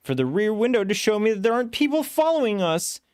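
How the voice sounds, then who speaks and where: A man's voice: high voice, sing-song, fast, no room sound, clean studio sound, pitched above the performer's own voice. Man doing a frantic young woman on the run. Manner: frantic, shouting, pleading. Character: panicked young woman fleeing captors. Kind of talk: storybook read-aloud.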